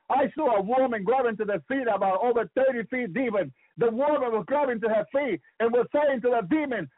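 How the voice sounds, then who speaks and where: His pitch is extremely high, and he talks briskly with hardly any pauses. The man, a radio preacher, fervently describes his visions, repeating words and shouting hallelujahs along the way, heard through dry, tinny, phone-like audio.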